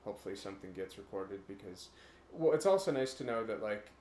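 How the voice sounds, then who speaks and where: Low-voiced man rambling in an echoey room. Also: lively intonation, fast talker, warm tone, a little hiss or hum. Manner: rambling, jumps into brief imitation voices. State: a bit nervous about recording. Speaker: podcast co-host. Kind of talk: casual chat.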